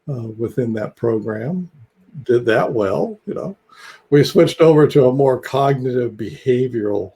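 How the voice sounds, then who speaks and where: Husky older man, rambling storyteller. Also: medium pitch, a little mellow. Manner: rambling storyteller with chuckles and fillers. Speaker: psychologist guest. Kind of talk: casual video call talk. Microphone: video call.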